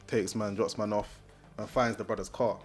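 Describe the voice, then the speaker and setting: A young man retelling a film in heavy slang, animated and jumping into loud character voices. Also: on the low side, moderate pace, faint music behind. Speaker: film recap host. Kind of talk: comedic slang-heavy movie recap.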